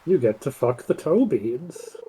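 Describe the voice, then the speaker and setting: A man's voice: mid-range voice, big pitch swings, unhurried, warm tone, breathy edge. A man co-streaming a farming game, chiming in with dry, teasing quips. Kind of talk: casual gaming stream banter.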